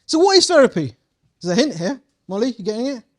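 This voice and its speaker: High-voiced man teaching a workshop. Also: big pitch swings, fast talker. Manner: playful, quizzing the audience, slangy asides. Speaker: community coaching trainer. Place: workshop room with an audience.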